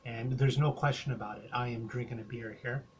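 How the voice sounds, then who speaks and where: A man's voice: mid-range voice, steady tone, brisk, muffled recording, a little hiss or hum. An older man with a Canadian accent, talking through a casual rambling beer review, full of hesitations and fillers.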